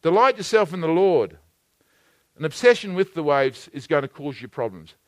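A man preaching a sermon, swinging between loud exhortation and hushed, intimate asides. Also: a little high, sing-song, normal speed, no room sound.

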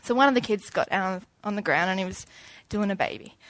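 A young woman gives an informal sermon, chatty and animated, acting out little scenes as she goes. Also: mid-range voice, brisk, dry recording.

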